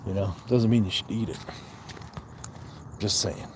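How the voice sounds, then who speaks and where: Speaking in a fairly low, steady voice a little on the slow side, this livestream host jokes around, welcomes viewers by name, reads out chat and counts push-ups aloud. Background noise runs throughout his casual stream.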